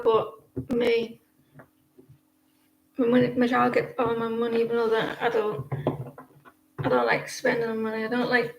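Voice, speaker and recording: Chatty woman reader in an echoey room. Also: on the high side. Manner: chatty, rambling, laughs often. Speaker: live stream tarot reader. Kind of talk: casual live stream chat. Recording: echoey room, faint noise.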